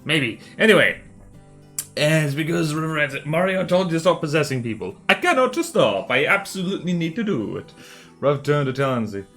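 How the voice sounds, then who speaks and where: A man's voice: fairly high pitch, animated, moderate pace, fairly bright tone, faint music behind. A man streaming while drawing, chatting casually, muttering to himself and joking with viewers. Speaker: art streamer.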